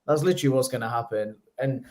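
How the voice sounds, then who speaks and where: Young male co-host, opinionated, mid pitch. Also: fast talker, darkish tone. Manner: argues his opinion at length. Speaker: podcast co-host. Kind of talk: casual podcast chat.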